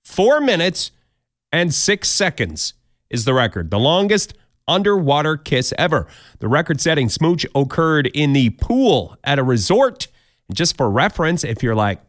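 Lively wry male podcast host. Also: a little high, unhurried, no room sound, studio quality. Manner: jokey, wry asides, mock quoted voices. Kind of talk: countdown news banter.

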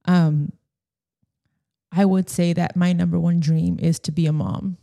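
A young woman talks through her own podcast on her own, rambling and emotional, often stopping to find her thread. Her voice sits a little low, with a soft, dark tone and plenty of gravelly fry. She speaks openly and casually to her listeners. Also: steady tone, slow pace, pauses often. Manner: rambling, emotional, laughs often, loses her train of thought. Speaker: podcast host. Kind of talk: solo podcast chat.

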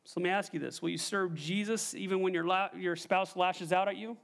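Young male pastor with a high voice, preaching emphatically and putting questions to the congregation. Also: steady tone, fairly quick, creaky, a bit bright. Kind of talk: sermon.

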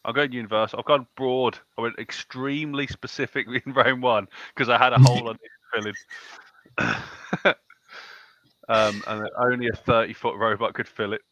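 A man's voice: medium pitch, a bit bright, no room sound, dull audio. A man joking and giggling through casual podcast banter.

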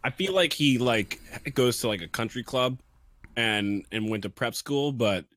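A man's voice: mid-range voice, animated, unhurried, fairly bright tone, no echo. A man co-hosting a casual chat, talking bluntly and swearing freely. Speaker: podcast co-host.

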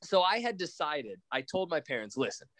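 A man's voice: a little high, normal speed, dry recording. Man telling a story in a dry voice. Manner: animated, quotes dialogue, frequent restarts. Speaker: interview guest. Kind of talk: casual storytelling.

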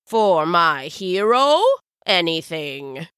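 A kindly old wizard, voiced by a woman, speaks slowly and warmly in a storybook tale. His voice sits lower than the narrator's own, wise and unhurried. The recording is dry and close. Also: big pitch swings, clean tone, dry recording, heavily acted. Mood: gentle. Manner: slow, deep, gentle and wise. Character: kindly old male wizard Father Frost. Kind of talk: storybook voice acting.

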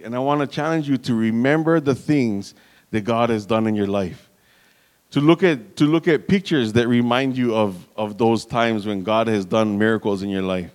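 A man's voice: medium pitch, a little mellow. Earnest man preaching a sermon. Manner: earnest, with repeated restarts and calls to the congregation.

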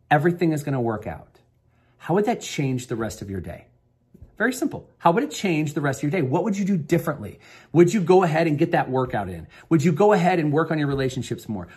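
A man's voice: on the high side, slightly rough. A middle-aged man sharing a personal story and giving an earnest motivational pep talk, rambling with restarts. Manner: earnest, rambling with restarts, rises to upbeat coaching. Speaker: motivational speaker.

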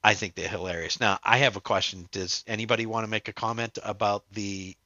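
Male podcast host in casual chat, bright tense voice, dry close sound but dull and muffled audio. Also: on the low side, fairly quick, no echo. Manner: animated, laughing, tripping over words.

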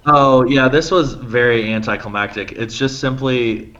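A man co-hosting a podcast, telling stories in a casual, animated way and acting out what people said. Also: a little slow. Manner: animated, acts out quotes with big pitch jumps. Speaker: podcast co-host. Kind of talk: casual storytelling chat. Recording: slightly muffled lo-fi audio.

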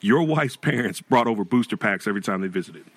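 Lively bright-voiced laughing podcast man. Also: lowish voice, fast talker, breathy edge, no room sound. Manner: animated, laughs often, acts out quotes. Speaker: podcast co-host. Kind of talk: casual chat.

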